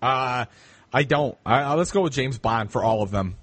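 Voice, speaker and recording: A man's voice: medium pitch, normal speed. A man joking and rambling as a panelist on a casual podcast. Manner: rambling and joking, with animated intonation.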